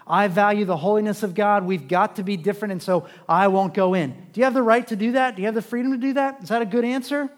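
A man preaching a sermon in a conversational way, asking rhetorical questions and swinging between loud and hushed. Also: high-pitched, fast, hardly any pauses. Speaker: pastor. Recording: long reverb of a large hall.

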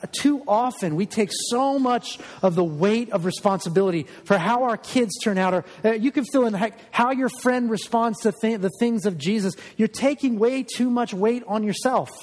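An earnest man preaches a sermon, pressing each point with emphasis and frequent repeated words. His voice sits higher than most men's. A long reverb trails his words through the hall. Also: a little mellow. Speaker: pastor.

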